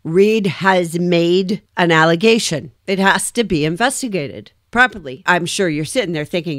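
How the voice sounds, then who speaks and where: A woman's voice: fairly low pitch, moderate pace, few pauses, a bit bright, no room sound, clean studio sound. A woman hosting a reaction video, commenting indignantly on court testimony and firing off rhetorical questions. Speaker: host reacting to trial testimony.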